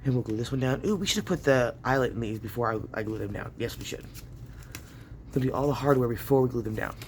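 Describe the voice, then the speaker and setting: Speaking fast at a medium pitch, with a little hiss or hum present, this craft channel host works through a casual home tutorial. He chats with viewers, laughs often, and keeps up a running commentary to himself.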